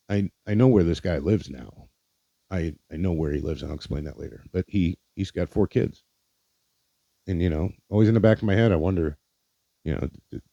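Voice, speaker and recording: A man's voice: deep voice, vocal fry, mellow, dry recording, highs cut off. A man hosting a podcast, telling a personal story in a candid, profane way, often stumbling over and repeating his words. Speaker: podcast host.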